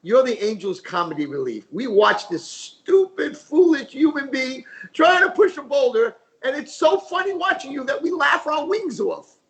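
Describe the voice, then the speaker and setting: A man's voice: very high-pitched, lively intonation, moderate pace, fairly bright tone, pitched above the performer's own voice, heavily acted, rough recording. A man voicing the Satan as a mean, taunting angel in a spoken parable. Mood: mocking. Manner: taunting, scornful.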